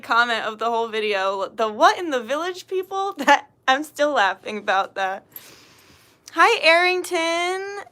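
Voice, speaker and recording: A woman with a high, bright, sharp-edged voice hosts a spiritual livestream, chatting casually and opening with a prayer. She greets chat viewers by reading their names aloud, laughs easily, and says "um" a lot, and her prayers turn soft and hushed.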